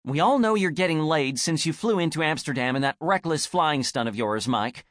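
An exasperated young woman snaps and protests in a raised, lively voice, as a male audiobook narrator puts her on. Her sharp-tongued indignation keeps climbing in pitch. The recording is dry and close. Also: moderate pace, no echo. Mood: angry. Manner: snapping, indignant, voice rising. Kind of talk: audiobook character voice.

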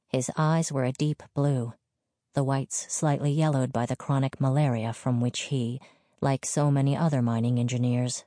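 A woman reading a novel aloud in an even, measured storytelling manner. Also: extremely low pitch, no echo, studio quality. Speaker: audiobook narrator. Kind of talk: scripted narration.

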